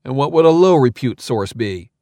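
A man's voice: mid-range voice, animated, normal speed, warm tone, dry recording, studio quality, natural voice. A man reading a prickly, defensive young man. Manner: defensive, demanding.

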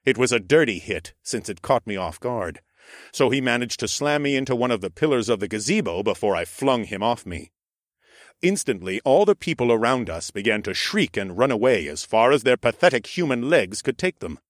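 A man narrating a first-person audiobook in an expressive, sardonic storytelling manner. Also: mid-range voice, a little fast, no echo, studio quality.

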